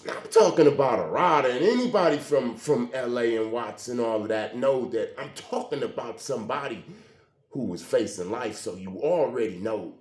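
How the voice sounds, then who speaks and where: A man telling a personal story in a casual, animated way, often acting out the dialogue. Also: medium pitch, moderate pace. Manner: animated, conversational, acts out quoted dialogue. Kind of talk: emotional storytelling monologue. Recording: roomy echo.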